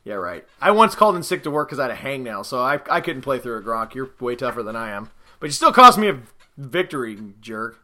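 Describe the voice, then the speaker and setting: A man's voice: medium pitch, very animated, brisk, pushed and bright. A man casually rambling through his football picks, joking and sarcastically trash-talking players and teams. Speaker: podcast host giving football predictions.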